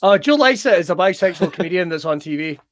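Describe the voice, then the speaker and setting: A man hosting a comedic wrestling show, excitable, sweary and full of jokes. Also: sits high, quick pace, no room sound, clean studio sound. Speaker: show host.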